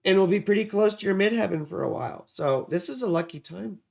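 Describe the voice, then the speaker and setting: A man's voice: high-pitched, expressive, fast, gravelly, slight background noise. A man hosting an astrology livestream, rambling and distracted as he reads horoscopes, swearing casually.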